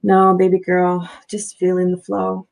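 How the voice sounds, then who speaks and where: Brief: an author voicing a warm, serene motherly older woman, low and gravelly, soft and fond, read from a novel. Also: monotone, unhurried, low-quality recording. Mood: tender. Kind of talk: reading aloud from a novel.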